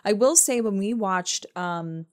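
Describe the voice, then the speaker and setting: A young woman co-hosts a podcast in easy, casual chat. She laughs often and acts out quoted lines with playful voices. Her voice sits at an ordinary middle pitch. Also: a little slow. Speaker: podcast co-host. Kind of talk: casual chat recapping a TV episode.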